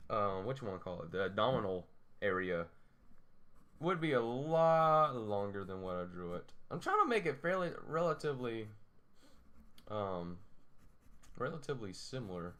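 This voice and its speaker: A man's voice: lowish voice, a bit bright. A young man rambling while he sketches, laughing often and mocking his own drawing. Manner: self-deprecating, laughs often, talks to himself. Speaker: drawing tutorial host.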